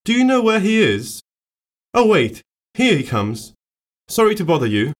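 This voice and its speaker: A man performing scripted everyday dialogue for a listening exercise, with clear, plainly acted delivery. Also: high voice, big pitch swings, normal speed.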